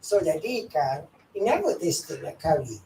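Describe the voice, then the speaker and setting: A Malaysian woman in her fifties leads a training workshop, telling stories with a lively, swooping pitch and acting out the voices she quotes. She sounds a little distant from the mic, and her voice rings in an echoey hall with a faint hum of room noise behind it. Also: moderate pace. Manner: animated storyteller, acts out quoted voices. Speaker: workshop speaker. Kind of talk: lecture mixing Malay and English.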